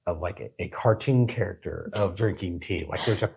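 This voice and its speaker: A man's voice: low voice, moderate pace, vocal fry, a little hiss or hum. An American man hosting a reaction video, chatting casually and rambling with lots of fillers. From United States. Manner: rambling, animated, many fillers and restarts. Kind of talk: casual chat.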